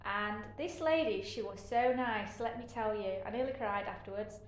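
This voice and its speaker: A woman giving a candid personal account as an interviewee, frank and halting, with many fillers and a sarcastic edge. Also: mid-range voice, echoey room, a little hiss or hum, low-quality recording. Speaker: interviewee sharing care experiences.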